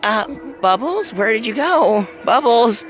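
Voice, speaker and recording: Woman doing a dramatic, take-charge cartoon girl, unhurried, lively pitch, homemade skit. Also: faint music behind. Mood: dismayed. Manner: bossy, then weepy and melodramatic. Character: Blossom, a bossy, dramatic cartoon girl heroine. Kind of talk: homemade doll skit voice acting.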